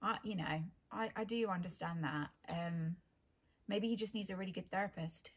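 A woman's voice: fairly low pitch, normal speed, slightly rough. An English woman co-hosting a casual chat, blunt and teasing with strong opinions. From England. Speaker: podcast co-host.

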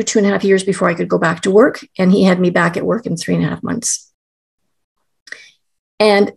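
A woman's voice: mid-range voice, creaky, a little mellow. A middle-aged woman, a guest, telling a personal story in an earnest, emotional way, with restarts.

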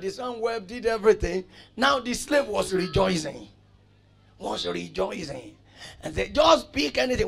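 A man preaching outdoors, telling a story and repeating phrases, going from loud to soft. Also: sits high, vocal fry. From Nigeria. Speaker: pastor. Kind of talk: street sermon with storytelling. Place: outdoors on a street.

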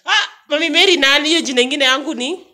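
A woman's voice: sits high, quick pace, bright, forceful tone. A woman with a Kenyan accent chatting casually on a home vlog, coaxing her toddler with playful questions. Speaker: mother and vlogger. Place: home, indoors.

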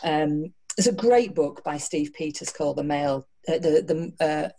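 A middle-aged woman with a Yorkshire accent, a guest in a casual interview, talking frankly, swearing freely and telling animated stories. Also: low-pitched, normal speed. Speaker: guest entrepreneur.

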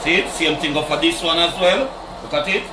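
A man's voice: on the high side, brisk. Chatty man cooking in a noisy kitchen. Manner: chatty, keeps addressing viewers as "my people". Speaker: cooking vlogger. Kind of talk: casual cooking demonstration. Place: home kitchen.

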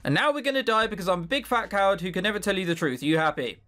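A man voicing a proud but anxious young witch girl, high-strung and defensive, over quiet music. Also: expressive, very fast. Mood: upset. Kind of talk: let's play voice acting.

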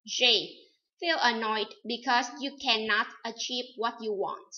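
A woman teaching an English lesson, reading vocabulary items and examples slowly and deliberately. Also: fairly high pitch, sharp tone. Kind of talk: recorded vocabulary and pronunciation lesson. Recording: dull lo-fi recording.

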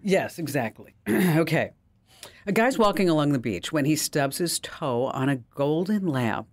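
Woman tech-podcast host; animated and chatty, with a very lively pitch. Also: a little slow. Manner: animated, laughing storyteller. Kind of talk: casual podcast chat.

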